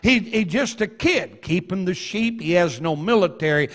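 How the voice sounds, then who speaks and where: A man preaching a revival sermon in a church, telling folksy stories with slow emphasis and quick asides. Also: high-pitched, lively intonation. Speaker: evangelist. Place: church sanctuary.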